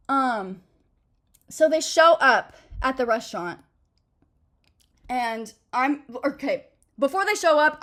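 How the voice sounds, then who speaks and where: A young woman telling a storytime vlog in a casual, profane, sarcastic rant, full of "like" and "um". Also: on the high side. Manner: profane, animated and sarcastic, lots of fillers like "like" and "um". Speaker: vlogger.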